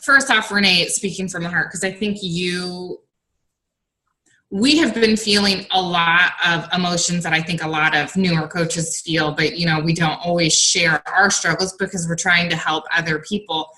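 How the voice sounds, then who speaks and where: A woman's voice: lowish voice, steady tone, moderate pace, pushed and bright, poor audio. A woman team coach talking on a casual group call in a supportive, rambling, upbeat way. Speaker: fitness coach.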